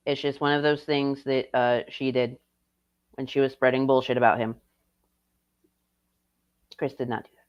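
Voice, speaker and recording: A woman's voice: very deep voice, level tone, normal speed, pauses often, highs cut off. A woman streamer reacting to a video in casual, blunt and profane commentary. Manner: blunt and profane, laughs often.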